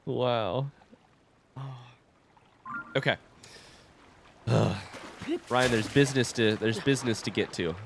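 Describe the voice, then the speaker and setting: A young man commentating his own blind playthrough of a video game, awestruck and excitable, swearing when surprised. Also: medium pitch, slow, vocal fry, long pauses, slight background noise. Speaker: gaming streamer. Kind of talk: live gameplay commentary.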